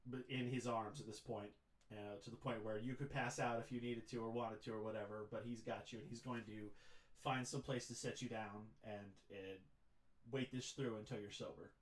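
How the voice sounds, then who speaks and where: A man's voice: lowish voice, steady tone, moderate pace. A man narrating as game master in a loose, rambling way with many fillers. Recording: echoey room.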